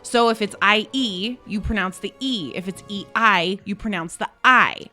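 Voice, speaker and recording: A woman's voice: medium pitch, soft background music. Playful young woman chatting casually. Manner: lively, playful, quick to laugh and gasp. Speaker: podcast co-host and player. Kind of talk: casual chat.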